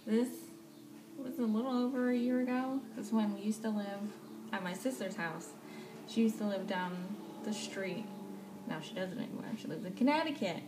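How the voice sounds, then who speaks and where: A young woman casually telling a storytime vlog, animated and swearing freely, laughing often. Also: mid-range voice, moderate pace. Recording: echoey room, faint background noise.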